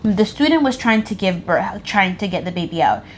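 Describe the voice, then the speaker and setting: A woman's voice: medium pitch, sing-song, moderate pace. Chatty woman recounting her labour, faint hiss. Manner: matter-of-fact, chiming in and laughing. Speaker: co-host of a couple's channel. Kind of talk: casual storytelling.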